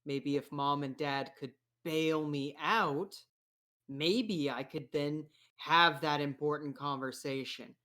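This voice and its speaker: A woman playing a bitter young prisoner in a tabletop game, blunt and sarcastic, cursing freely. Her voice sits low and flat with contempt. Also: takes it slowly. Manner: sarcastic, swearing, curt.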